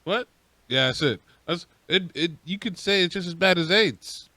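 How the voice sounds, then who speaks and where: A man co-hosting a podcast, ranting in a profane, slangy, animated way during casual chat. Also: high-pitched, moderate pace, no room sound. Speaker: podcast co-host.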